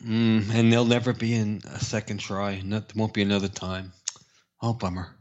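A man's voice: fairly low pitch, little pitch movement, moderate pace, darkish tone, lo-fi sound. A man co-hosting a casual podcast, exhausted, telling stories in a dry, plain way. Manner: tired, dry, plain storytelling. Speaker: podcast co-host. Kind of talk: casual chat.

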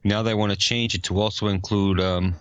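Male co-host, low voice, deadpan quips, dry sound. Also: brisk, smooth, dry recording, dull audio. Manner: dry, joking. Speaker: podcast co-host joining remotely. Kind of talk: casual chat.

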